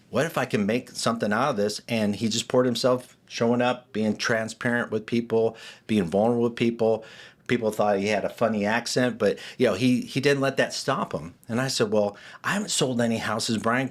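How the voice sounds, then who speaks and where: A middle-aged man telling his story as a podcast guest, acting out the voices of people he quotes. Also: mid-range voice. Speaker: guest, real estate agent. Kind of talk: storytelling interview.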